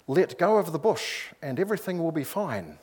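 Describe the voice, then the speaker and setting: A man voicing a calm, powerful male voice from the sky, speaking in a measured way in a sermon joke. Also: fairly high pitch, slightly rough, voice pushed up.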